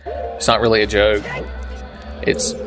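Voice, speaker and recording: Over game music, a young man does let's play commentary that's sarcastic and full of swearing. His voice is fairly low and completely flat, and he takes his time.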